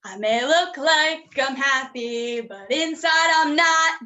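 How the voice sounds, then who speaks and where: A woman's voice: sits high, slow pace, bright, forceful tone, full character voice. A woman playing a sulky, melodramatic pizza cook in a sixties lounge improv scene, singing now and then. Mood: dramatic. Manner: drawling, dramatic, breaks into song. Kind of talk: online improv comedy.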